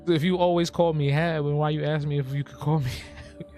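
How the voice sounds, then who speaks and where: A man's voice: fairly high pitch, fairly even intonation, a little fast, a little mellow, faint music behind. A man streaming live while he draws cartoons, joking and reacting to his chat as he thinks aloud.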